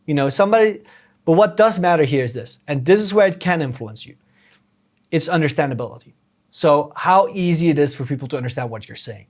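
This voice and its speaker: Young man, non-native English accent, earnest podcast guest, slightly high voice, frequent restarts. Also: lively intonation, a little fast. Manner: earnest, explains step by step with many restarts. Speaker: podcast guest, YouTube strategist. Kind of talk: casual advice talk.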